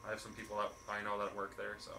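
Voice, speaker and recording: A man's voice: lowish voice, completely flat delivery, rapid-fire, vocal fry, noisy background. A young man, joking and laughing often in a casual podcast chat. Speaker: podcast co-host.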